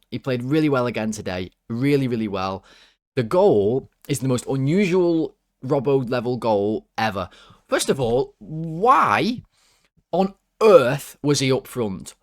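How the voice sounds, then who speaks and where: Male fan-channel host, mid-pitched, excitable and rambling, dry close sound. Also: no room sound. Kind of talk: casual player-ratings commentary.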